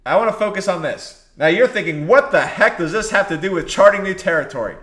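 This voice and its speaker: Man, preacher, sermon, high voice, repeats phrases, echoey room. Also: animated, a little fast, a bit bright. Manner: exhorting, repeats phrases for emphasis.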